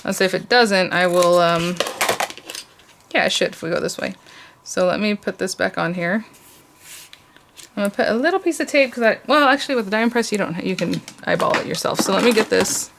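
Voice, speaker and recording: A woman's voice: medium pitch, normal speed, gravelly, pauses often, fairly bright tone, a little hiss or hum. A woman hosting a casual crafting tutorial, thinking aloud with frequent restarts and little laughs as she works at her desk. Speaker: crafting channel host.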